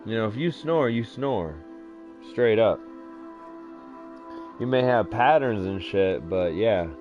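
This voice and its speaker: A young man tells a rambling story in a loose, crude way, swearing heavily and piling on fillers. His voice sits fairly low. The recording sounds dull and lo-fi, with faint music underneath. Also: expressive, slow. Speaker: vlogger. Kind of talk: rambling casual monologue.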